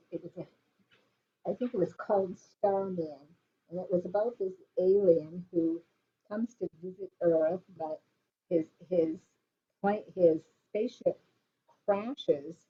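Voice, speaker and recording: A woman teaching a dot painting class who talks in a relaxed, rambling, reflective way with many fillers. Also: fairly low pitch. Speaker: art instructor. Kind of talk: relaxed painting tutorial talk. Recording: dull lo-fi sound with faint noise.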